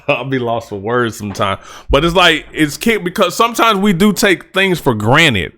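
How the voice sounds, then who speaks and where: A man hosts a casual reaction stream and talks with animated swings and bright tone. He rambles and restarts as he works through his thoughts. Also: a little high, normal speed. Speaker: reaction channel host.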